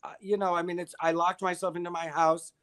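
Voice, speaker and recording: Older male guest, wry and self-deprecating, a touch high-pitched. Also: little pitch movement, a little fast, fairly bright tone, clear, resonant tone. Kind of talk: casual interview chat.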